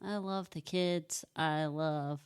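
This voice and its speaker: Young woman co-host, enthusiastic and gushing, slow steady delivery, dry recording. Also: low-pitched, clean tone, no room sound. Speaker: podcast co-host. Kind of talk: casual chat.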